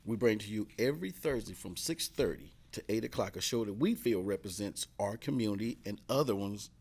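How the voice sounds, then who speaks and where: A man's voice: fairly low pitch, expressive, a little fast, darkish tone, a little hiss or hum. A man co-hosting a talk radio show in a laid-back, easygoing manner. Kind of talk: casual talk radio banter.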